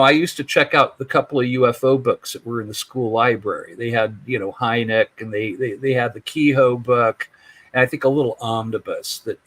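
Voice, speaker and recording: An older man in his sixties tells a rambling childhood story as a podcast guest, his voice sitting at an ordinary middle pitch. He chuckles as he goes and often restarts his phrases with fillers. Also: fairly bright tone, poor audio. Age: 60s. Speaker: podcast guest, UFO investigator. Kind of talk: casual storytelling in conversation.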